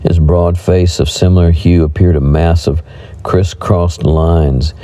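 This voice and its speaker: Man reading a western audiobook, very dark and mellow, deep voice, measured. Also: fairly even intonation, rough recording. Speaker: audiobook narrator.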